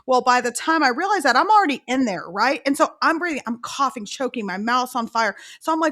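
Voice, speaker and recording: A middle-aged woman, an author guest telling animated stories and acting out quotes. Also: high voice, fairly quick, few pauses. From Texas. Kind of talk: storytelling interview.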